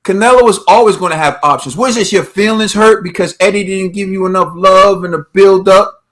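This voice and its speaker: This boxing podcast co-host launches into a heated opinion rant, firing off rhetorical question after rhetorical question. His voice is high-pitched and fairly bright, and he talks briskly.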